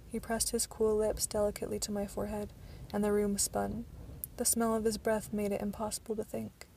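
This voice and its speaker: A woman's voice: mid-range voice, completely flat delivery, fairly quick, vocal fry, hardly any pauses, mellow, slight background noise. A woman narrating an amateur audiobook reading, stumbling at times with restarts.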